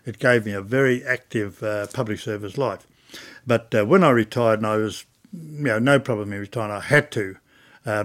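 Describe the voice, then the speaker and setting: An older Australian man telling stories in an oral history interview, chatty and animated, acting out old conversations. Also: fairly low pitch. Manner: chatty storyteller, acts out dialogue.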